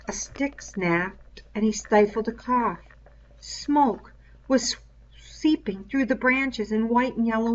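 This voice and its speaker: A woman reading a novel aloud in a measured storytelling manner, with the cries in the story voiced aloud. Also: fairly high pitch, a little hiss or hum. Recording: dull lo-fi recording.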